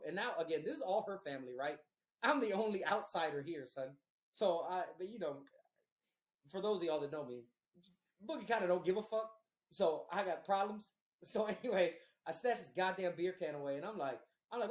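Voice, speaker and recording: A man's voice: high-pitched, fairly quick. Profane man telling a story, roomy echo. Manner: profane, animated storyteller acting out quotes. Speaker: podcast host. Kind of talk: casual storytelling.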